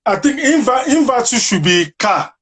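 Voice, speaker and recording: A woman's voice: fairly high pitch, very animated, measured pace, fairly bright tone. A woman hosting the session, repeating words after the teacher and asking brief questions. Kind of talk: casual lesson exchange.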